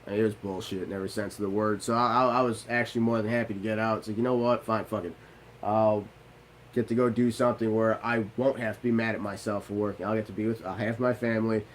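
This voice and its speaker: A man's voice: lowish voice, level tone, fast talker, a little hiss or hum, rough recording. A young man, a Navy veteran, telling his own story in a candid monologue. He talks bluntly, swears freely and often restarts his sentences.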